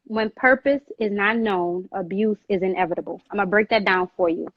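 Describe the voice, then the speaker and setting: Brief: high, fervent woman talking straight to camera, dry close sound, muffled lo-fi stream audio. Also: normal speed, dry recording. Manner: animated, repeats phrases for emphasis, addresses listener as girl. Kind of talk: emphatic, preachy advice.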